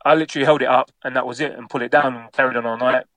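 A middle-aged man from England tells a football story in a casual, animated way. He slips into the voices of the people he quotes. His voice sits at an ordinary pitch, and the recording is dry and close. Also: very fast, no echo. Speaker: guest, former footballer. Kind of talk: casual anecdote telling.

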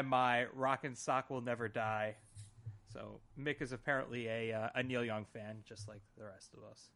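A man on a podcast, walking through the story in relaxed, casual chat. His delivery is dry and easygoing, with a middle-pitched voice. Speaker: podcast co-host. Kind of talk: casual chat, recapping episodes.

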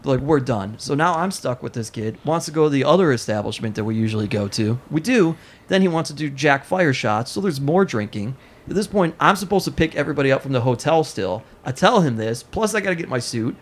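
A man hosting a podcast, telling a long funny story in a lively way and laughing as he goes. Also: medium pitch, brisk. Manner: animated, laughing while telling stories. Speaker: podcast host. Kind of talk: casual storytelling.

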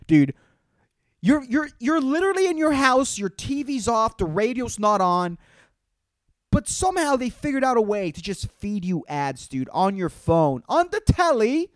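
A slightly tipsy man rambles through a solo podcast, hopping between subjects and swearing as he goes. His voice sits a touch high for a man, and the sound is close and dry with no room echo. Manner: profane, slangy, jumps between topics, says "dude" constantly. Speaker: podcast host. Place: in front of a green screen.

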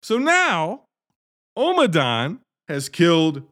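Sarcastic, animated man recapping a movie. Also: mid-range voice, unhurried. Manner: sarcastic, exasperated, swears freely, acts out characters' lines. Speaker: movie reviewer. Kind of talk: profane comedic movie recap.

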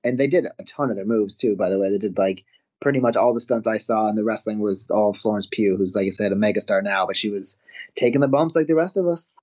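A man from Canada, a guest telling stories in a casual interview, animated, laughing often and acting out what others said. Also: lowish voice, fast talker, highs cut off. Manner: animated anecdotes, laughs often, acts out quotes. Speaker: guest, professional wrestler and actor. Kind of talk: casual storytelling.

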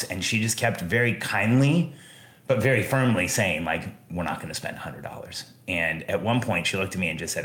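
A man's voice: lowish voice, fairly bright tone, reverberant. A man in his forties telling a personal story in an earnest, rambling way with many restarts. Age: 40s.

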